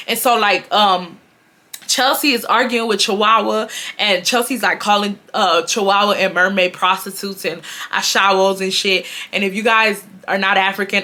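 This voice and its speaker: A young woman telling a school story to her viewers. Her voice is bright and clear, and she talks in an animated, casual way full of fillers. She speaks at a middling pitch. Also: moderate pace. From Houston, Texas. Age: 20s. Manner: animated, filler-heavy retelling addressing viewers. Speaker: storytime vlogger.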